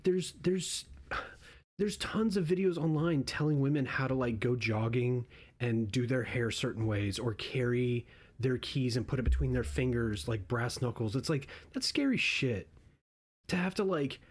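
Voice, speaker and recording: A young man talks through a casual reaction commentary in a mid-pitched voice. He rambles and swears freely, and he often trips over his words and starts his sentences again. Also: darkish tone. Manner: rambling and profane, with frequent restarts. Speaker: online commentator.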